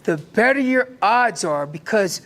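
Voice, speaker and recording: A man with an American accent teaching an elk calling seminar, lively and acting out what the elk would say. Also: high-pitched, unhurried. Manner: animated, acts out elk calls and voices. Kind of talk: hunting seminar talk.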